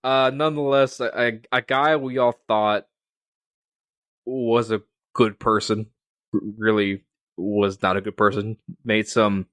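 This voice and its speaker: A man's voice: on the low side, fairly even intonation, a little slow, a bit bright, dry recording, studio quality. A young man hosting a casual sports podcast, rambling with lots of fillers and restarts. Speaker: podcast host.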